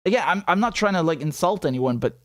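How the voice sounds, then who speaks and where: A man's voice: high voice, fast, no room sound, clean studio sound. Blunt, profane male live-streamer. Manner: blunt, profane, animated, with many repeated words. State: has a headache. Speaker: political commentator hosting a live stream. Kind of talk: casual live-stream commentary reading chat.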